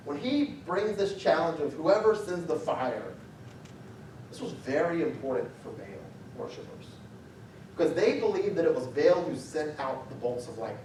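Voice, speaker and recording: Animated preacher in an echoey church. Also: male voice, fairly high pitch, a little hiss or hum. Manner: animated, acts out the story with raised voice for quotes. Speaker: pastor. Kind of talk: sermon. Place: church sanctuary. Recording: echoey church sanctuary, mic at a distance.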